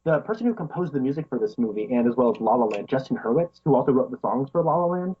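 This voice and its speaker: Here a podcast co-host of medium pitch talks fast with lively intonation, gushing casually about a movie. Frequent laughs and fillers like "um" and "like" pepper the lo-fi recording.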